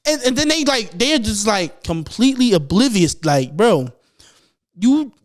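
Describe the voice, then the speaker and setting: A young adult man hosting a podcast, telling stories in casual chat, animated and profane with lots of slang. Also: high-pitched, a little slow. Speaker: podcast host.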